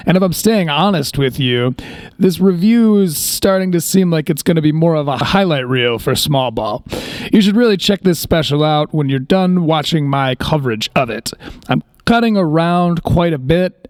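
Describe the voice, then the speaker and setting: A man's voice: on the high side, clear, resonant tone, no echo. A man doing a casual, candid voice-over review with joking asides.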